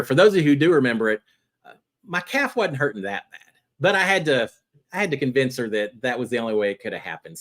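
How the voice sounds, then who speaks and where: Man, live show host, casual viewer Q&A, chatty, very lively intonation. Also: medium pitch. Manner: chatty and animated, jumping between topics. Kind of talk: casual live chat answering viewer questions.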